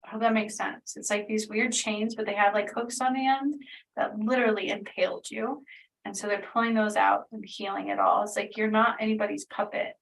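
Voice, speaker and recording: A woman's voice: medium pitch, fairly even intonation, a little fast, gravelly, far from the mic, poor audio. A woman doing a casual spiritual energy reading, talking in a meandering, earnest way full of fillers. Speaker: spiritual healer channeling energy.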